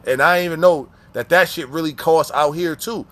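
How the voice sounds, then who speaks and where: A man casually telling prison stories in heavy profane slang, animated, with frequent restarts and repeats. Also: a little high, brisk. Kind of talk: casual storytelling.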